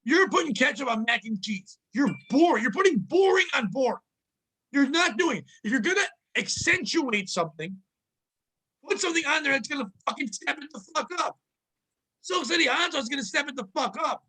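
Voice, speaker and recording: A man rants through a comedic podcast chat, swearing freely and piling joke on joke. His voice sits high and rings bright and forceful. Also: fairly quick. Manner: profane, animated, ranting. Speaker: podcast host.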